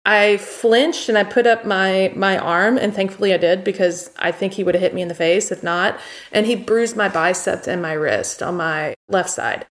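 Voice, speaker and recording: Young woman, interview guest, candid, plainspoken, mid-pitched voice. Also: moderate pace. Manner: candid and plainspoken, recounting events. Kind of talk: personal storytelling in an interview.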